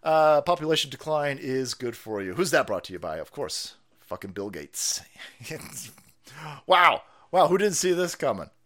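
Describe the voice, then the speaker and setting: A middle-aged man ranting through profane live-stream commentary. He laughs often and swings between loud outbursts and low mutters. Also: sing-song, measured pace.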